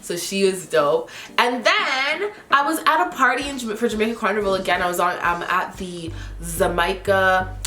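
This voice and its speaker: Lady vlogging, chatty and animated, lots of "like", echoey room w/ some quiet music. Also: medium pitch, moderate pace. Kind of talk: casual storytelling to camera.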